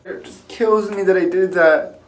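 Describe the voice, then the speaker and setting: A young man vlogging while crying on a bathroom floor, halting and full of fillers. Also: high-pitched, steady tone. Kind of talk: emotional confessional vlog.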